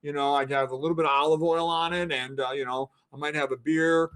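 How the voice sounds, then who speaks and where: A man's voice: fairly high pitch, fairly even intonation, fast talker, fairly bright tone, clear, resonant tone, natural voice. A man in his sixties acting out a stubborn middle-aged male patient who talks in a folksy, insistent way. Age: 60s.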